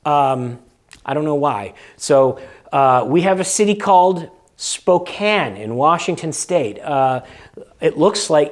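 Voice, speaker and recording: A man's voice: a little high, expressive, takes it slowly. A man from New England hosting a vlog, explaining things to camera in a casual, good-humored and self-deprecating way. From New England, United States. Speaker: vlog host.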